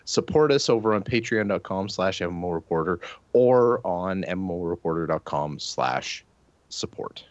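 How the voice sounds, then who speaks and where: A man's voice: deep voice, animated, moderate pace, no room sound, muffled recording. A man co-hosting a casual gaming podcast, chatty and rambling, stumbling over restarts and cracking jokes. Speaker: podcast co-host.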